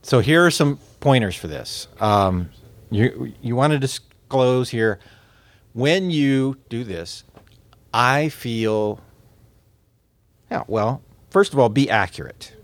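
A man lectures a class on communication in an average-pitched voice. He is lively and laughs often, and he keeps asking his listeners questions. His words often stumble and repeat, and the sound is dry and close with no room echo. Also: unhurried. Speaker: instructor.

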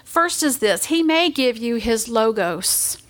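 A woman with a fairly high, animated voice preaches a sermon at a slow pace. She is a pastor's wife, earnest and emotional, sometimes sinking to a near whisper and sounding tearful.

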